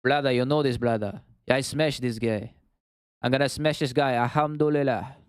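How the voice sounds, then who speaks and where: A man putting on a Russian accent to play a swaggering male fighter who boasts slowly. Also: medium pitch, steady tone, smooth, no room sound, studio quality, close to an everyday voice. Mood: cocky.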